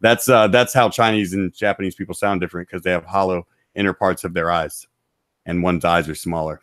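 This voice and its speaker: A hoarse man, a voice actor, talking crudely and jokingly as a podcast guest. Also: sits low, steady tone, a little fast, fairly bright tone, no echo, studio quality. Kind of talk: casual podcast chat.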